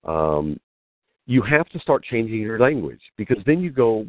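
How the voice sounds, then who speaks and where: A man's voice: lowish voice, sing-song, moderate pace. A man, a guest teacher, explaining spiritual ideas in conversation and telling stories with acted-out quotes. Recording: dry phone-like line.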